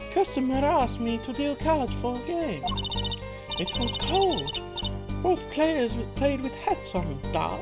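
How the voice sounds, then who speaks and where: A man's voice: extremely high pitch, pitched above the performer's own voice, exaggerated voice. A man voicing a dramatic woman witness with a put-on Russian accent and broken English. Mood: storytelling.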